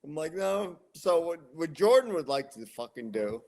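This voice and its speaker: A man's voice: a little high, very animated, moderate pace, a little mellow. A man who is a guest on a podcast, telling stories in casual chat with a laid-back manner and frequent swearing.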